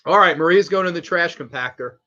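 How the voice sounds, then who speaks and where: A man hosting a casual fan commentary on a movie, excitable and crude, laughing often. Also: a little high, fairly quick. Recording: slightly dull lo-fi audio.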